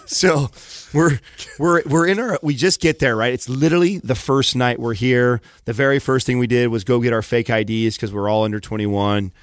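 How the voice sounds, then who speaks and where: A man's voice: mid-range voice, normal speed, no room sound. A man in casual podcast chat, telling a rambling story with fillers and swearing.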